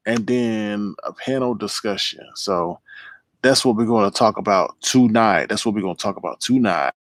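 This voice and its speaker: This late-night livestream host speaks at a normal speed in a fairly low voice, greeting viewers by name and rambling through asides as he chats. The audio is studio quality with no echo.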